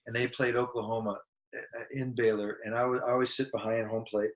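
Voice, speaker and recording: A guest musician in a casual interview tells a story at a middle pitch and a fairly quick pace, sounding earnest and reflective. When he acts out what people said, he becomes animated. The sound is lo-fi.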